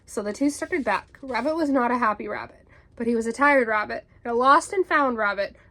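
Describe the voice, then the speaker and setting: A young woman in her twenties reads a bedtime story aloud. Her voice is high and soft, with a gentle storybook pace. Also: brisk. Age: 20s.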